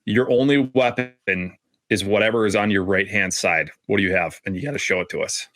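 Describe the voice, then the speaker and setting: A young man with a Minnesotan accent talks through a casual podcast in an animated, rambling way. His voice is bright and forward, recorded close with a dry sound. He keeps stopping and starting mid-sentence. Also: fairly low pitch, a little fast, dry recording. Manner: animated, rambling with restarts and swearing. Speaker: podcast co-host.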